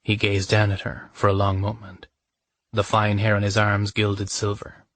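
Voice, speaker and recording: A man narrating a romance audiobook in a calm, measured reading voice, close to the mic. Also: lowish voice, no echo.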